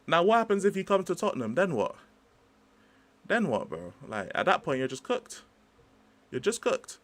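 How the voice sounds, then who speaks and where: A man's voice: fairly high pitch, sing-song, normal speed. A young man hosting a livestream, ranting about football in a chatty, slangy, rambling way. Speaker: livestream host. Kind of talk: casual livestream football rant.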